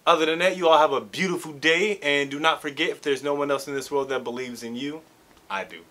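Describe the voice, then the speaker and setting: A young man hosting an anime reaction, chatting casually in slang and breaking into excited shouts. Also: on the high side, fast.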